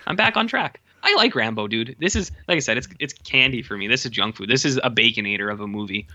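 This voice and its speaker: A man chats about a movie, animated and profane, breaking into goofy voices for the characters. His voice is bright and forceful, and the recording sounds dull and lo-fi. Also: lowish voice, fast talker. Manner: animated, profane, acts out film lines in funny voices. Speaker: podcast co-host. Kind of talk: casual movie chat.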